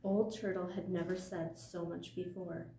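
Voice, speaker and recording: Slow, gentle older woman storyteller. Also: lowish voice, flat delivery, vocal fry. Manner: gentle, unhurried, apologetic asides. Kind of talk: reading a picture book aloud. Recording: roomy, distant mic, faint noise.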